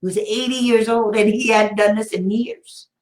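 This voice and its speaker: A woman's voice: fairly high pitch, steady tone, normal speed. Blunt, laughing woman advocate in echoey room. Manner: blunt, laughs often, sarcastic asides. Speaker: special education advocate. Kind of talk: casual storytelling talk.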